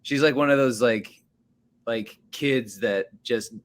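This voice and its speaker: A man's voice: mid-range voice, takes it slowly. A man co-hosting a comedy podcast, chatting casually with frequent laughs and rambling, filler-heavy stories. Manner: laughs often, loose rambling storytelling with many fillers. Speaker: podcast co-host and stand-up comedian.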